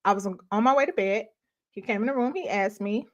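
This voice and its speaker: A middle-aged woman, hosting a ministry live stream and telling a personal story in casual, animated talk that often breaks into laughter. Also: medium pitch, a little fast, muffled recording. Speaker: ministry host.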